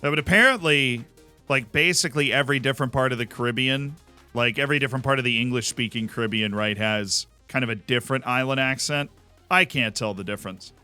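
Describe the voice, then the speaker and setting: Bright-voiced chatty male streamer. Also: medium pitch, quick pace, soft background music. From Florida. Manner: chatty, enthusiastic, jokey asides. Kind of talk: casual gameplay commentary.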